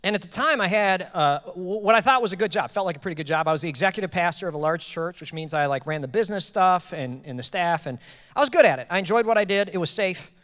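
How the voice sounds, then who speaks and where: A man in his thirties preaching a sermon as pastor, telling a personal story with jokes and lively quoted dialogue. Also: sits high, quick pace. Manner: animated, joking, quotes people in raised voices. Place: church auditorium. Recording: long hall reverb.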